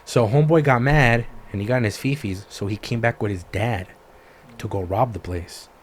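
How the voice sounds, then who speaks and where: Guy w a lowish voice telling a wild story on a podcast, swears a lot, bit of background hum. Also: normal speed. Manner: animated retelling, swears freely, acts out quotes. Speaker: podcast co-host. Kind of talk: casual storytelling chat.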